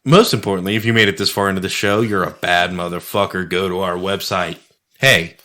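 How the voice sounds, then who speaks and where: Animated, bright-voiced profane man. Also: deep voice, brisk. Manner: profane, animated anecdote telling. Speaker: podcast co-host. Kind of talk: casual storytelling chat.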